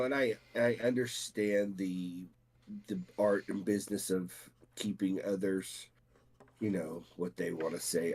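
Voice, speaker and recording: A man from the United States with a low, husky voice, co-hosting a casual podcast. He rambles through his points with plenty of restarts and fillers. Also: darkish tone. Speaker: podcast co-host. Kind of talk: casual chat.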